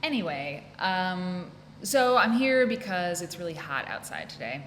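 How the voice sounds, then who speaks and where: An American woman hosts a casual solo podcast from an office room, rambling, chatty and often interrupting herself. Her voice is lowish and fairly bright, very animated yet unhurried. The recording has a roomy echo, faint ambience and slight background noise.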